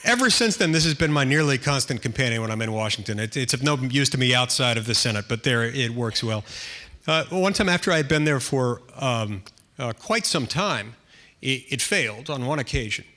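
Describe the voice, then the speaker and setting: A man's voice: mid-range voice, animated, fairly quick, sharp tone. A middle-aged American man, a senator, telling a self-deprecating anecdote in a speech, with dry humor and frequent restarts. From United States.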